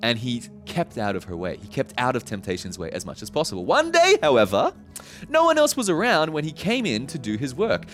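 A man preaching a sermon as a pastor, telling a story in a lively way with laughs and asides. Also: a little high, normal speed, soft background music.

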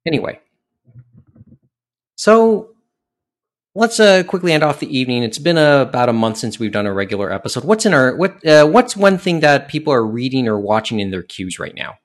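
A man's voice: mid-range voice, very animated, moderate pace. A man hosting a casual podcast chat, rambling with many fillers and restarts. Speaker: podcast host.

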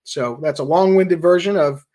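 A man, the founder of a trading firm, recounting his career in a casual, animated storytelling way as a podcast guest. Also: a little high. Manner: animated anecdotes, quick asides.

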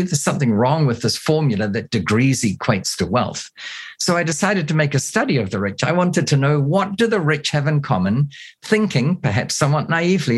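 A man with a New Zealand accent, an interview guest telling wry anecdotes in a relaxed way. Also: fairly high pitch, breathy edge. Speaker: guest, real estate investor. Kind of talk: relaxed storytelling interview answers.

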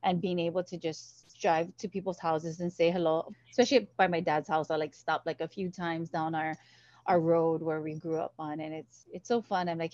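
Here the Hawaiian woman's voice is deep, her pace moderate, and the lo-fi audio carries no echo. She's a guest in a storytelling interview, lively as she performs the different voices within her tales.

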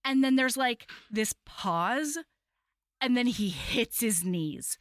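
A woman co-hosting a podcast, recapping a romance novel in casual chat, animated and swearing freely. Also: on the high side, takes it slowly, no echo, studio quality. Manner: animated, swearing, acts out quotes. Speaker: podcast co-host.

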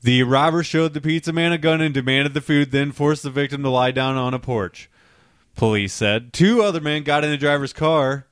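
Smooth-voiced man reading odd news with laughs. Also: on the high side, moderate pace, dry recording, clean studio sound. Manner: stumbling, laughing reader, swearing at his own slips. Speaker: podcast co-host reading news stories. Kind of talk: casual chat, reading articles aloud.

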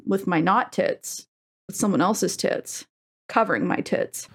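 A young adult woman co-hosting a podcast in casual chat, animated and giggly with sudden squeals. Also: mid-range voice, measured pace, slightly rough. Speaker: podcast co-host and streamer.

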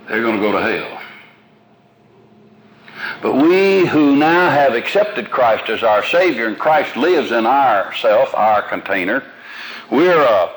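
A man's voice: medium pitch, low-quality recording. An older man, a pastor, preaching a sermon to a congregation in a folksy, homespun way with everyday examples. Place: room with a congregation.

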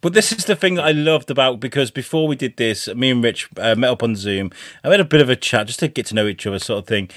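A man's voice: medium pitch, lively intonation, fast, a bit bright, no echo, clean studio sound. A man co-hosting a podcast, chatty and joking. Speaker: podcast co-host. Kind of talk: casual chat.

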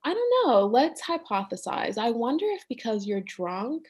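A woman's voice: a little high, very animated, moderate pace, slightly rough. A woman co-hosting a podcast in casual chat, a little nasal at times, chatty and thinking aloud with frequent laughs. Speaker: podcast co-host.

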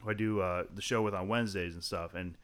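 A man's voice: low voice, fast talker. A man, a guest comedian, telling a story in a casual podcast chat, swearing freely and acting out the people in it with shifting voices. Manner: animated, acts out quotes in shifting voices.

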